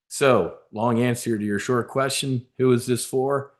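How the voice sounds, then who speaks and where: A man's voice: mid-range voice, unhurried, hardly any pauses. A man hosting a live webinar, talking casually in a rambling, emphatic, preacher-like way. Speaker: webinar host.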